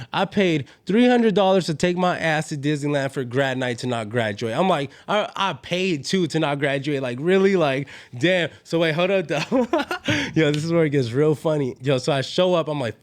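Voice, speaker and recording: A man's voice: fairly high pitch, expressive, normal speed. Slangy young LA man telling stories. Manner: rambling slangy storytelling, constant "yo" and "bro" fillers. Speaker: podcast guest. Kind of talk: casual storytelling.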